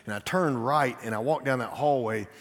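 A middle-aged man preaching a sermon, telling a personal story with big swings from loud to hushed. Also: mid-range voice, moderate pace. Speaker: guest preacher. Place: church sanctuary. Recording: reverberant church hall.

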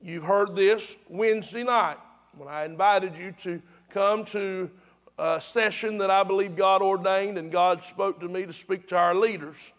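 A man's voice: high voice, fairly even intonation, a little slow, fairly bright tone. A pastor preaching to his congregation in a chatty, repetitive way, with emphatic restarts. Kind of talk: sermon.

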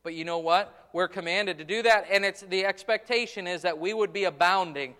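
Preaching in a church sanctuary with big-room sound, this pastor's voice is high-pitched, pushed, and bright, and a little fast. He builds rising emphasis on his points and keeps repeating words.

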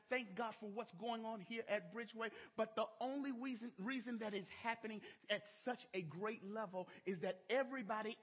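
High-voiced, husky preacher man. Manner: emphatic storytelling, rising to shouts. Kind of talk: sermon. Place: church.

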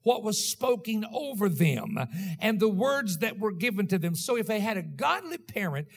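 High-voiced preacher man in full sermon. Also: big pitch swings, normal speed, vocal fry, breathy edge. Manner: rhythmic preaching with call-outs to the congregation. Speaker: pastor.

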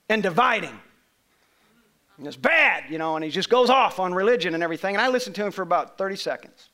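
A man's voice: high-pitched, fast, sharp tone. A man preaching a sermon, telling a personal story in a conversational way and checking details with people in the congregation. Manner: conversational storytelling, asks congregation members questions. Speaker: pastor.

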